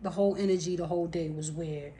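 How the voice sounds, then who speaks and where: A vlogger with a lowish, warm voice talks quickly and fairly evenly to her camera over a little hiss or hum. She tells a personal story in an unscripted, rambling way, filled with fillers and restarts.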